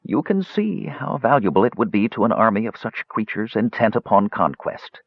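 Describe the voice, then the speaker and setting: Man doing a sad ancient wizard, slow and grave, gravelly, husky, dull lo-fi sound. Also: fairly low pitch, sing-song, dry recording, voice pushed up, heavily acted. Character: ancient sorrowful male wizard. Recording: dull lo-fi audiobook recording.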